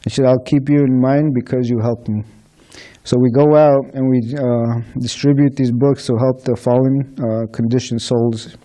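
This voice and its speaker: Man with a dark, mellow voice. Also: mid-range voice, little pitch movement, normal speed. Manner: chatty anecdotes with quoted dialogue, frequent laughs. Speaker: book distributor sharing stories. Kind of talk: casual storytelling talk. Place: temple gathering.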